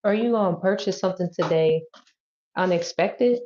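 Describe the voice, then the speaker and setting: Woman, chatty tarot reader, relaxed dark tone, muffled lo-fi sound. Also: on the low side, normal speed. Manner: loose, chatty, swears and laughs easily. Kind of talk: casual tarot reading to camera. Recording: dull lo-fi audio.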